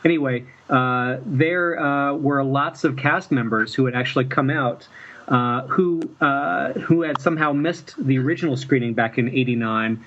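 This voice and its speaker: A man from Mississippi, a fan filmmaker guest, telling stories in a rambling, halting way and chuckling often. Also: mid-range voice, fairly bright tone. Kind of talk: casual storytelling interview. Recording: dull lo-fi with faint noise.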